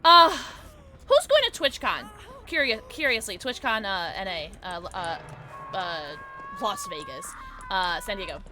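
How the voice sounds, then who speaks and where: A woman livestreaming while gaming, chatting excitedly with her viewers in a loose, filler-heavy way. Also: medium pitch, measured pace. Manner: excitable, chatty, talks to chat, many fillers like "like". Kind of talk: casual gaming livestream chat. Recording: game music audible behind voice.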